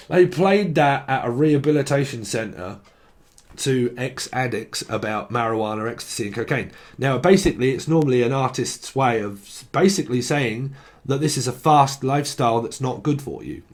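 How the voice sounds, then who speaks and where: A man talks loosely through a tarot reading, his voice sitting at an ordinary middle pitch. He rambles, swears casually and chuckles between thoughts, wandering off topic as he goes. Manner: chatty, swears freely, chuckles often, drifts off topic. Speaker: tarot reader.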